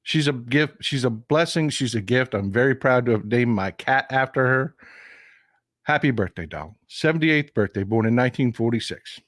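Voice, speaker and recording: A man's voice: medium pitch, lively intonation, moderate pace, a bit bright, dry recording, studio quality. Chatty man hosting a stream. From United States. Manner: chatty, laughs often, reads viewer comments aloud. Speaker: live stream host. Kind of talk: casual talk to viewers.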